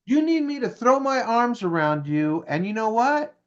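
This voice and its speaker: High-pitched guy on a podcast, acting out little scenes, keeps saying right? okay?, kinda muffled lo-fi sound. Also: moderate pace. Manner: lively, acts out dialogue, keeps checking in with "right?" and "okay?". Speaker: guest speaker. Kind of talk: animated storytelling in an interview.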